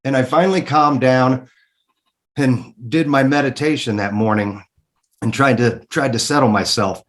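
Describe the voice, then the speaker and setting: A man with a medium-pitched voice at a moderate pace is a guest in a casual interview, telling his story candidly and emphatically. He swears freely and repeats words when he gets worked up.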